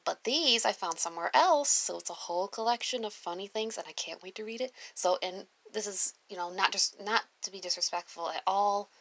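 Gravelly-voiced former preschool teacher. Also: female voice, mid-range voice, a little fast, few pauses, poor audio. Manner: gushing, with soft whispered asides. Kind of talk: casual chat reading notes aloud.

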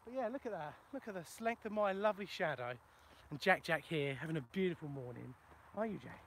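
A man's voice: fairly high pitch, animated, a little fast, vocal fry, fairly bright tone, a little hiss or hum. A plumber chatting casually on a live video while he walks across a field, joking about himself and answering viewers' questions. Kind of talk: casual live-stream chat while walking. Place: outdoors in a ploughed field in the countryside. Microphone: phone for a live video.

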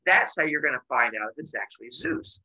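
A man's voice: mid-range voice, animated, fairly quick, sharp tone, slightly rough, voice pushed down, heavily acted, low-quality recording. A man voicing a scheming goddess disguised as a gossipy old woman, in a comic myth retelling. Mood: conspiratorial. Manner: gossipy, conspiratorial.

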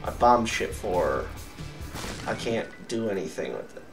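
A young man giving let's play commentary, cursing at enemies and getting excitable. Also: fairly low pitch, unhurried, vocal fry. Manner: profane, excitable, yells at enemies. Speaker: gamer. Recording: distant mic with game music behind.

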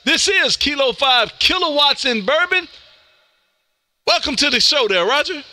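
A man from Texas with a Texan accent, working ham radio contacts on a live stream in a loud, folksy way, tossing "man" into most lines. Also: very high-pitched, lively intonation, measured pace, no echo.

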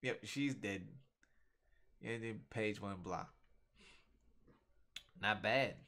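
A man casually reacting to a webcomic, reading panels aloud with slangy, animated commentary from a home desk mic. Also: on the low side, extremely slow. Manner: animated, slangy, reads comic lines aloud. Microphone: desktop USB microphone.

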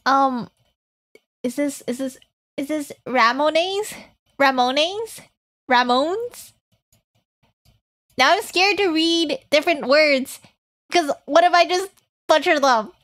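A woman's voice: high-pitched, measured pace, a bit bright, pitched above the performer's own voice. A woman streamer putting on a cutesy uwu baby-talk voice, giggling and stumbling over words as she reads to chat. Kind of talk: live stream chat in a put-on voice.

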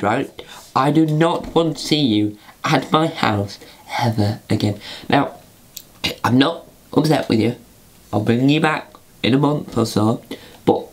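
A man voicing a fretful, put-upon puppet host who talks to himself and stumbles over names in a homemade puppet comedy. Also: medium pitch.

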